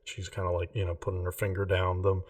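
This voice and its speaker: A man narrating as game master of a tabletop role-playing game, relaxed and hesitant. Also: low-pitched, quick pace, no room sound, far from the mic.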